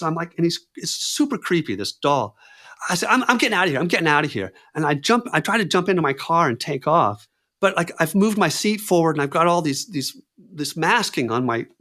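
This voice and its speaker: A man on a podcast telling a story in a casual, animated way, acting out both sides of conversations and laughing readily. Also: fairly high pitch. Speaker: podcast guest.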